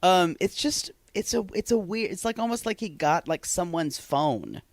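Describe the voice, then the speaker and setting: A man co-hosting a podcast, recapping a show in gossipy, animated chat. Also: high voice, normal speed, creaky, no room sound. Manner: gossipy, animated, laughs often, says y'all. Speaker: podcast co-host.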